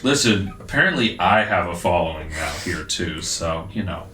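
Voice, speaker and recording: A man's voice: low voice, animated, moderate pace, pushed and bright. Man, casual chat, teasing, laughing, roomy echo. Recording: roomy, off-mic from a distance.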